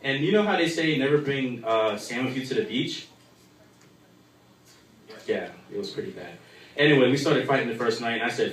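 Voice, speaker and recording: A man's voice: mid-range voice, expressive, normal speed, pauses often, fairly bright tone. Crude rambling male stand-up comic. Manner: crude, rambling, lots of fillers. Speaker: stand-up comedian. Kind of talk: stand-up comedy. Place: live comedy show in a bar. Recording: echoey room from far off.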